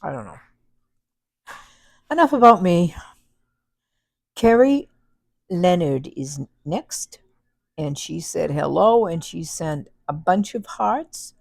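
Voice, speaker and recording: A woman chatting with a gravelly, creaky edge to her voice, unhurried and drawn out. She sounds tired and easygoing as she co-hosts a relaxed talk, and the sound is close and dry. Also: fairly low pitch, dry recording. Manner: tired, yawning. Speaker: co-host. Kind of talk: casual chat.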